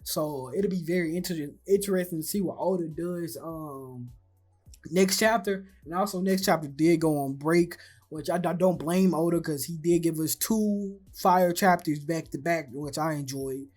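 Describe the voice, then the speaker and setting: A man's voice: a little high, normal speed, darkish tone, soft background music. A man hosting his own channel, chatting casually with frequent ums, restarts and stutters. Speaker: anime channel host. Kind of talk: casual commentary.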